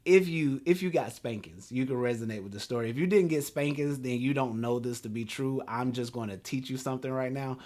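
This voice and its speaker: A man in his thirties hosting a talk show, telling a story in an animated, laughing way. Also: medium pitch, brisk, hardly any pauses. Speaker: podcast host.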